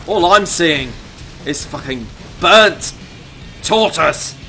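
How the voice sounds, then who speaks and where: A man's voice: fairly high pitch, expressive, slow pace, pushed and bright, soft background music, exaggerated voice. A man putting on the voice of a foul-mouthed, furious celebrity chef, swearing and sighing while commenting on a game. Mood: exasperated. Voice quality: constant swearing, exasperated sighs. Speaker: gamer doing a parody voice. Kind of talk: comedic gameplay commentary.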